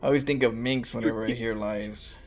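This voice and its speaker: A man's voice: medium pitch, steady tone, a little fast. A man chatting playfully and laughing easily with a friend while they play a video game. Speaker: gamer co-hosting a game session. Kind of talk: casual chat while playing a video game. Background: game music and sounds.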